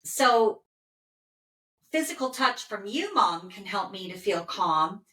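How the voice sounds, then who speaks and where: A woman working as an animal communicator, calmly relaying a dog's messages in first person and pausing often with "okay". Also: medium pitch. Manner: calm, soothing, with frequent "okay" pauses. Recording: roomy echo.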